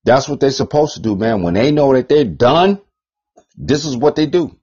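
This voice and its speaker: A man hosting a podcast, ranting in a profane, rambling monologue, repeating himself and swinging between loud bursts and mutters. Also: mid-range voice, animated, normal speed, husky. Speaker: podcast host. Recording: dull lo-fi podcast recording.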